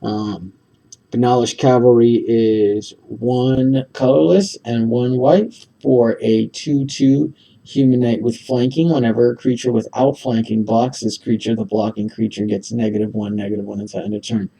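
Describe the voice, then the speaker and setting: A man's voice: mid-range voice, steady tone, normal speed, vocal fry, warm tone, far from the mic. A man rambling casually as he goes through trading cards on his own channel, with many ums and restarts. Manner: rambling, full of ums and self-corrections. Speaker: card-opening video host. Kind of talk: casual card-opening commentary.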